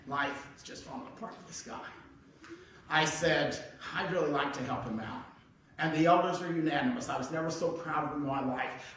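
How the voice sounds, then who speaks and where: A man's voice: fairly high pitch, a bit bright, a little hiss or hum. A middle-aged male pastor telling a personal story in a sermon, in a conversational, folksy way, acting out the dialogue. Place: church sanctuary. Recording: echoey church hall, mic heard from a distance.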